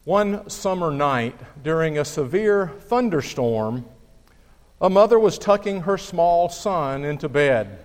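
A man preaching a sermon, reading scripture and speaking in a measured, deliberate way with slow, emphatic pauses. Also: on the high side, lively intonation. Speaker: pastor. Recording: long reverb of a church hall.

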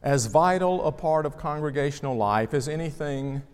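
A male pastor delivering a measured sermon, reading scripture and praying, letting his phrase ends fall away softly. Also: fairly high pitch, lively intonation, clean tone. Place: church sanctuary. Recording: long reverb of a church sanctuary.

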